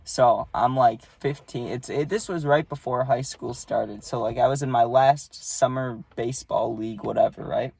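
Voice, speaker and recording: A man's voice: medium pitch, moderate pace, gravelly, hardly any pauses, a little mellow, husky, dry recording. A young man casually telling a story to camera, rambling and swearing, with lots of "you know" and "right".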